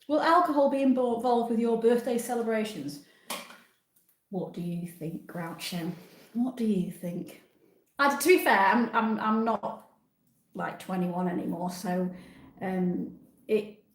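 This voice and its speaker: A woman's voice: medium pitch, measured pace, roomy sound. A woman in her sixties hosting a live stream, reading viewer comments aloud and chatting back in a casual, self-deprecating way. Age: 60s.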